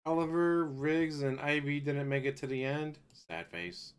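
A man's voice: on the high side, measured pace, smooth. Sarcastic man mocking a streamer. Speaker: reaction channel host. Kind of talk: sarcastic reaction commentary.

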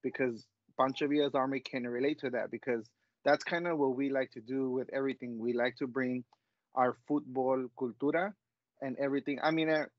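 A man's voice: medium pitch, steady tone, brisk, dry recording. A man co-hosting a podcast, chatting in an easygoing, rambling way with Spanish words mixed in. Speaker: podcast co-host. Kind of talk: casual chat. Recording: dry, muffled lo-fi audio.

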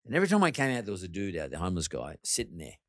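A man's voice: low-pitched, huge pitch swings, very fast, fairly bright tone, no room sound, studio quality. A middle-aged man hosting a podcast, telling a candid story in a blunt, reflective way and swearing freely. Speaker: podcast host.

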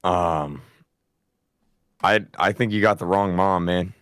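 A man's voice: low-pitched, slow, a bit bright, clean tone, no echo. An American man on a call, firing back dry roasting comebacks, with music playing underneath. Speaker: guest streamer. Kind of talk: casual call banter. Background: background music.

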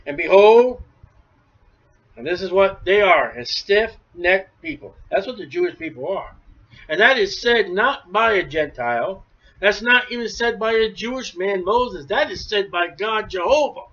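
A man preaching a sermon, emphatic, rising to near shouts then dropping low. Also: animated, moderate pace. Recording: dull lo-fi recording.

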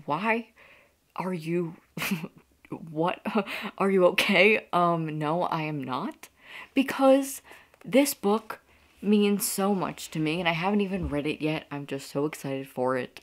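A low-voiced woman from Pennsylvania hosts a casual book haul vlog. She gushes with excitement and breaks into laughter often. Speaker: book vlogger.

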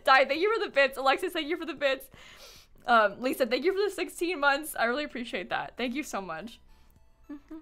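A woman's voice: sits high, sing-song, brisk, fairly bright tone. A young adult woman chatting casually and rambling with her live stream viewers, giggling often and using plenty of fillers. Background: faint music.

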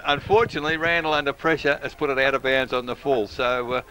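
An older Australian man giving local radio football commentary, hesitant with frequent fillers and quiet asides. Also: mid-range voice, fairly even intonation, fast, hardly any pauses, background noise.

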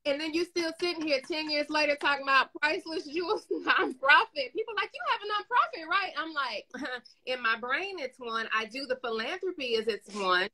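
Bright-voiced woman with a New York accent. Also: high voice, normal speed, rough recording. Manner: animated storytelling, acts out quotes. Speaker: business owner and beauty coach. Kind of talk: casual conversation.

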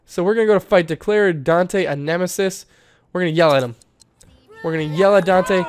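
A young man giving playful, excitable commentary while playing a life-sim game, laughing often. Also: high-pitched, fairly quick, clean tone. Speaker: gaming YouTuber. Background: faint game music.

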